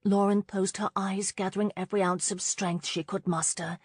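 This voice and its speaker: A woman narrating a romance audiobook in a measured, expressive reading on a close studio mic. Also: mid-range voice, slightly rough, dry recording. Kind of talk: scripted narration.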